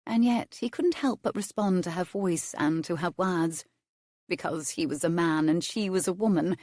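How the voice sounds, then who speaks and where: Brief: female audiobook narrator, low register, measured, expressive delivery, dry studio sound. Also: dry recording. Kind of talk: scripted romance narration.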